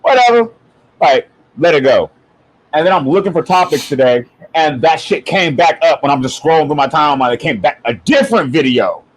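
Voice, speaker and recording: A man hosting a podcast in casual chat, animated and rambling, laughing often as he tells stories. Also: a little high, brisk, rough recording. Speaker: podcast host.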